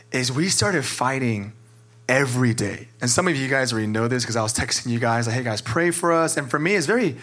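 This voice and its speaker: A man with a medium-pitched, fairly bright voice speaks as a pastor, sharing candidly and emotionally. He's earnest and fills his talk with "like."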